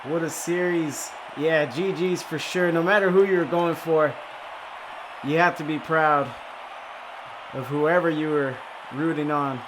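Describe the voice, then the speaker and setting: A young man calling an esports match with a fairly high voice, his shouts bursting out on the big plays before he settles into loose, joking interview talk. He speaks into a headset mic, with faint room noise behind him. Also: steady tone, measured pace. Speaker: esports caster.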